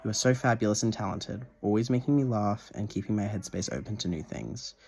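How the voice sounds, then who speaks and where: Gushing young man vlogging, low voice. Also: fairly quick, gravelly, darkish tone. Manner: gushing, swears freely, stumbles when reading aloud. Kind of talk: casual video diary.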